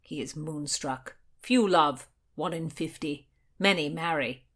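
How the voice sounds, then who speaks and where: A woman's voice: low voice, slow pace, a bit bright, exaggerated voice. A woman voicing a brash, quarrelsome young male soldier who growls and scoffs in a storybook reading. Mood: boastful. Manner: growling, scornful.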